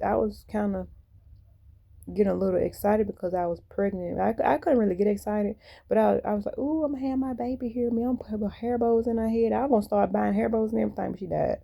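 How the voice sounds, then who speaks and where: A woman's voice: mid-range voice, fairly even intonation, fairly quick, vocal fry, warm tone. A woman vlogger rambling candidly to her viewers in a blunt, colloquial way. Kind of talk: casual monologue to viewers.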